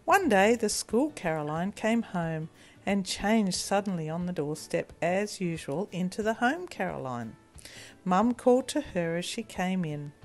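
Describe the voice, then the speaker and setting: Gentle woman reading a children's story. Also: lowish voice, lively intonation, measured pace, soft background music.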